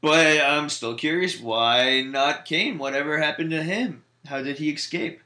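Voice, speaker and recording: A man's voice: fairly high pitch, unhurried, bright, forceful tone, echoey room. A man co-hosting a podcast in casual chat, earnest and curious as he weighs rumors and pokes at his co-host.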